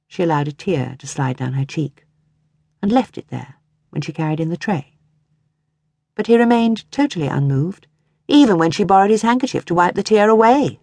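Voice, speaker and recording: A woman reads a short story aloud in an expressive storytelling manner. Her voice sits low yet moves through a wide, lively range of pitch. The recording is dry and close, as in a studio booth. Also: moderate pace, creaky, no echo. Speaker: audiobook narrator. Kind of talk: scripted narration.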